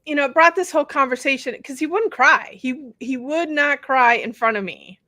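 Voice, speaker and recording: Chatty high-voiced woman, dry sound. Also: normal speed, pushed and bright, no echo. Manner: chatty, rambling with fillers and restarts. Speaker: podcast co-host and bodywork practitioner. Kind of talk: casual chat.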